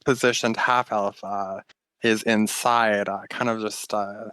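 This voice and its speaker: A man as game master, narrating a tabletop game in a halting way with many fillers. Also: lowish voice, steady tone, a bit bright, clean tone, no echo.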